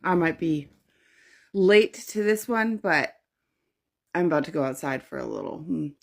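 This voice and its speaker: A woman's voice: low-pitched, expressive, unhurried, vocal fry. A woman giving a casual, blunt, profane rant to camera as a social media commentator, often repeating her points.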